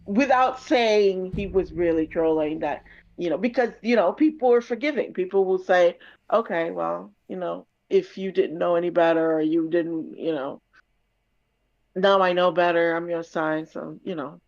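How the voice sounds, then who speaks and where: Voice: mid-range voice, normal speed, gravelly, a little mellow. A co-host on a voice call, chatting casually and rambling with many fillers. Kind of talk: casual chat. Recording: dull, dry call audio.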